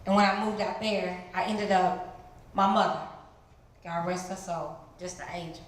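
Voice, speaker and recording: A middle-aged woman from the Chicago area giving an animated testimony as a guest speaker in a church, jumping into high voices to act out what people said. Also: unhurried. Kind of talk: testimony sermon. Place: large church hall. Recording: very echoey church hall, some noise.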